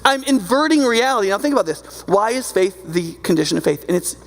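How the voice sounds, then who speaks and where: A man's voice: high voice, lively intonation, brisk. A male pastor preaching a sermon in a loose, conversational way, often checking in with his listeners. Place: church sanctuary. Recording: long hall reverb from a church.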